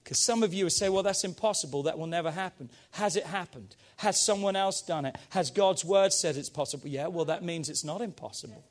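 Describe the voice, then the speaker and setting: A man with a fairly high voice delivers a sermon in a church. He preaches with energy and emphasis, swinging between loud urging and quieter storytelling. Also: a little fast, hardly any pauses. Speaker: pastor.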